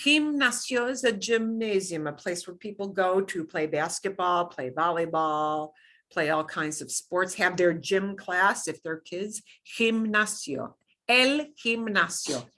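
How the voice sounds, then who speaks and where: Bright slow-speaking woman teacher. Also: lowish voice. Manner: slow, clear modeling of pronunciation. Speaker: Spanish teacher. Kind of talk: beginner language lesson.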